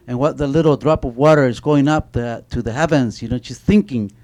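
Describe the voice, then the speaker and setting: A man's voice: medium pitch, fairly quick, hardly any pauses, darkish tone. A middle-aged man speaking on an author panel, telling stories animatedly with many restarts and a repeated "you know.". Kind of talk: panel talk with spoken storytelling.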